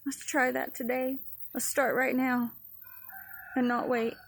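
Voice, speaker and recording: A woman's voice: high voice, level tone, a little slow, vocal fry, rough recording. A woman giving a personal testimony sermon in an earnest, repetitive preaching cadence. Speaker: ministry speaker.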